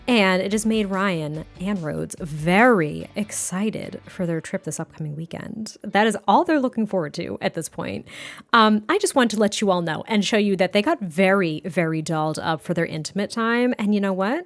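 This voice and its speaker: A woman's voice: mid-range voice, expressive, normal speed, faint music behind. A young woman, the host, giving casual, gushing gameplay commentary with frequent laughs. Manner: bubbly, gushing, laughs often. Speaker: gaming creator narrating a life-sim series.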